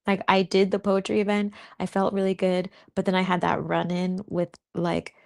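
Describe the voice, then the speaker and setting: Woman, casual livestream chat, giggly, chatty, gravelly fry. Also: lowish voice, flat delivery, normal speed, a little mellow. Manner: giggly, laughs often between remarks; chatty, reacting to comments. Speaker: spiritual content host.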